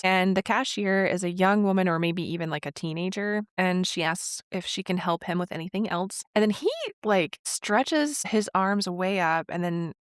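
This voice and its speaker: A woman with a somewhat low voice co-hosts a casual podcast and walks through a film in close detail, peppering her retelling with fillers. The sound is dry and close, with no room around it. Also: no echo. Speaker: podcast co-host. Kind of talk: casual chat recapping a film.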